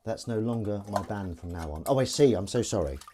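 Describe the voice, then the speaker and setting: A man's voice: fairly low pitch, animated, brisk, background noise. A man streaming while he washes up in his kitchen, chatting in a rambling, self-mocking way. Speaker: live streamer. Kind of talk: casual chat while washing up. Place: kitchen at the sink.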